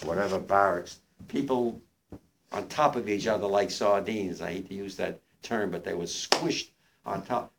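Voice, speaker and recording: An older man, a war veteran, gives spoken testimony to young listeners, halting and emotional with many restarts. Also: fairly low pitch, a little mellow, a little hiss or hum.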